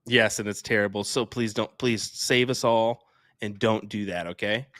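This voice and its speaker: A man's voice: lowish voice, fairly even intonation, normal speed, a bit bright, no echo. A man co-commentating live darts in a laid-back way, urging viewers to share the stream.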